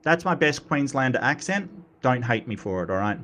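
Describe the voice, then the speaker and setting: A man hosting a casual livestream, animated and self-mocking, often stumbling over his words. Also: medium pitch, normal speed. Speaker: host.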